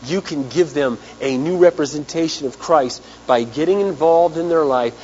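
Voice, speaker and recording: A man's voice: fairly high pitch, normal speed, darkish tone. Man preaching on a dull hummy tape. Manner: storytelling, rhetorical questions to the congregation. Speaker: pastor. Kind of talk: sermon. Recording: dull lo-fi 1990s sermon tape with faint mains hum.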